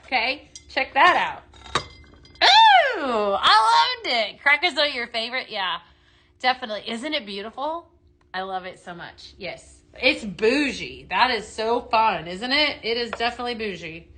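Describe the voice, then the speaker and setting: A woman with a bright, forceful tone and a slightly higher voice runs a live product demo. She chats in a bubbly, eager way and keeps speaking straight to her viewers. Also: expressive, moderate pace. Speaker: home-decor sales livestream host.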